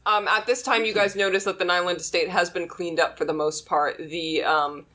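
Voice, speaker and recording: Halting game master narrating a tabletop scene. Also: male voice, sits high, steady tone, bright, forceful tone. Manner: halting narration with many ums.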